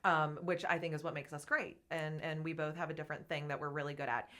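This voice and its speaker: A woman's voice: low-pitched, flat delivery, quick pace, sharp tone. A woman guest on a podcast, chatting candidly and laughing often as she talks about her work. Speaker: podcast guest, gym co-owner. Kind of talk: casual interview chat.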